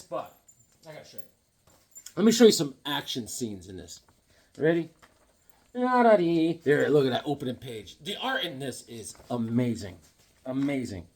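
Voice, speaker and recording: Goofy, rambling husky-voiced man. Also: on the high side, very animated, normal speed. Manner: playful, goofy, rambling jokes. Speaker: comic book vlogger. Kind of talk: casual comic collecting chat.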